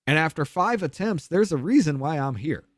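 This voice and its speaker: A man guest on a podcast candidly telling a hard personal story, blunt and profane, his voice dropping low and quiet on the painful parts. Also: expressive, moderate pace, no echo, studio quality.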